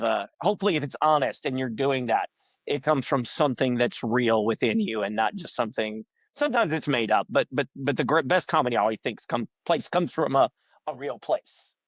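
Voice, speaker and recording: Middle-aged comic, chatty and rambling, does voices for people in his stories; flat, dead-sounding mic. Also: mid-range voice, fairly quick, no echo, muffled recording. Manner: rambling, animated storyteller who acts out quoted people in a raised voice. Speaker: guest comedian and balloon artist. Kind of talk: casual podcast interview.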